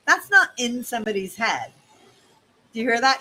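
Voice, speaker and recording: A woman business coach teaching in a casual, animated way, speaking straight to her listeners. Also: fairly high pitch, normal speed, poor audio.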